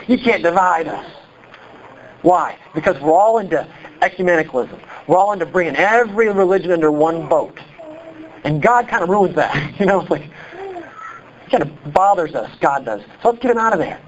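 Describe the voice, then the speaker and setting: A pastor from Iowa with a Midwestern accent, preaching a sermon in an animated, conversational way full of rhetorical questions. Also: male voice, high-pitched, normal speed, lo-fi sound. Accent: Midwestern American.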